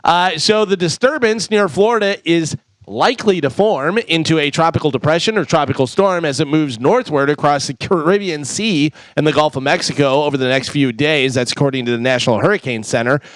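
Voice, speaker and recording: A man's voice: on the high side, fairly quick, few pauses, no echo. A man on a morning radio show who reads the sponsor spots and news in a plain, chatty studio manner. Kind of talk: casual radio banter and read ads and news. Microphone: studio microphone.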